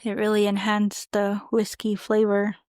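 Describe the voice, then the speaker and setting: A woman's voice: mid-range voice, monotone, measured pace, a little mellow, no echo, clean studio sound. A young woman chatting casually as a podcast guest, telling a travel story in a rambling way with lots of fillers. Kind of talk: casual chat.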